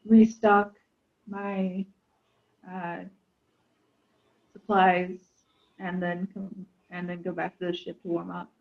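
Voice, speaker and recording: A woman's voice: fairly low pitch, flat delivery, slow pace, creaky, long pauses. A woman player speaking hesitantly, with fillers. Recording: tinny phone-like call line.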